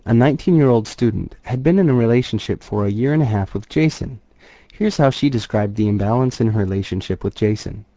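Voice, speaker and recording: A man, a therapist and trainer, giving scripted instructional narration in a measured, explanatory reading voice. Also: medium pitch, dark tone, no room sound, dull audio.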